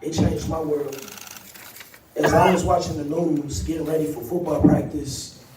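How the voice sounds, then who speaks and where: A man giving an emotional public testimony, soft-spoken and halting, with many pauses and ums. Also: a little high, steady tone. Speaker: activist and co-founder of a group. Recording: distant, roomy livestream audio with faint noise.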